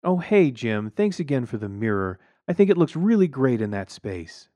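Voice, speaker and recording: A man's voice: medium pitch, very animated, moderate pace, dark tone, no room sound, highs cut off, pitched above the performer's own voice, close to an everyday voice. A man voicing a sweet, breezy suburban wife in a storybook reading.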